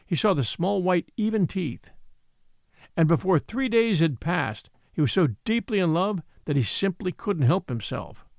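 Brief: dramatic male storyteller reading an old tale, lively and expressive. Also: high-pitched, a little slow, vocal fry, no room sound, clean studio sound. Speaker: narrator. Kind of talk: scripted audiobook narration.

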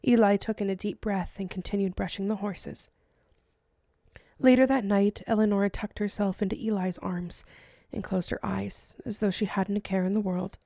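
A woman reads her own novel aloud in steady, measured audiobook narration. Her voice is mellow and warm, and the recording is dry and close with no room sound. Her pitch sits at an everyday middle height. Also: creaky, no echo. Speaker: author and podcast host.

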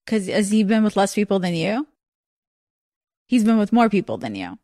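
A young woman hosting a podcast, chatting casually and telling stories with lively acted-out quotes. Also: medium pitch, normal speed, no echo, studio quality. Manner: animated storyteller, acts out voices in quotes. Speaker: podcast host. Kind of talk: casual chat.

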